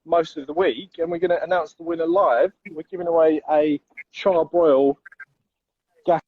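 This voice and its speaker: A man's voice: on the high side, steady tone, dry recording, phone-quality sound. A young man co-hosting a casual live show, enthusiastic and calling his partner mate. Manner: enthusiastic, rapid, says mate often. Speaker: co-host.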